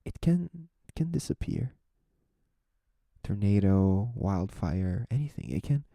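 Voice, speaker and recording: Earnest man with a dark, mellow voice. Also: fairly low pitch, very animated, measured pace, vocal fry, no room sound. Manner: earnest, rhetorical questions, restarts phrases. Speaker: podcast host. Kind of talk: reflective solo monologue.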